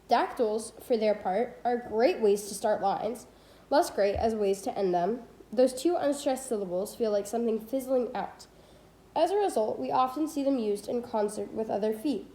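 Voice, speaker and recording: A woman's voice: fairly high pitch, warm tone, roomy sound, poor audio. A teenage girl reading a poetry textbook aloud, stopping to correct her slips and adding asides. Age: teens. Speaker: student reading a book aloud. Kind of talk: casual read-aloud of a textbook.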